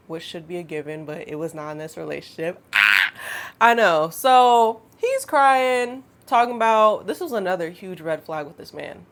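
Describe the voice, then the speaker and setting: A woman's voice: medium pitch, moderate pace. Chatty young woman telling a story. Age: 20s. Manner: animated, chatty, laughing asides. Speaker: storytime vlogger. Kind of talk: casual storytime monologue.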